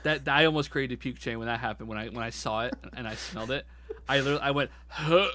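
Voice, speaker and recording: A man's voice: mid-range voice, steady tone, very fast, bright, forceful tone. Young man reacting, casual bro talk. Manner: reactive, groans and laughs, calls people bro. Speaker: podcast co-host. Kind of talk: casual chat.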